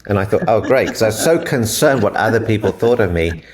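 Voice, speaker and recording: A man's voice: on the low side, animated, fairly quick. A man from Africa, a relationship mentor, answering interview questions with earnest, inspirational stories and retold dialogue.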